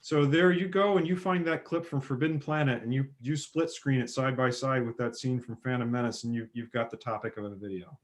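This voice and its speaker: Animated man retelling film scenes. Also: medium pitch, brisk, few pauses. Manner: animated storyteller, acts out film scenes with sudden loud bursts. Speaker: podcast guest. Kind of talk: casual film chat.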